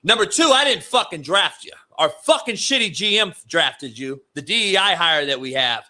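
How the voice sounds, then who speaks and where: A crude, profane football coach tears into a young quarterback. His voice sits a little high and swings widely as he builds to shouted insults, as a man acts him out. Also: expressive, moderate pace, full character voice. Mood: berating. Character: male football coach berating a rookie quarterback, crude and harsh.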